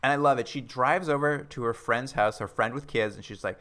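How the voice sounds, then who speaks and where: A man's voice: mid-range voice, brisk. A man co-hosting a casual comedic chat, retelling a show's plot and mocking its characters in put-on voices. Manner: animated storyteller, acts out characters in mocking voices. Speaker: podcast co-host.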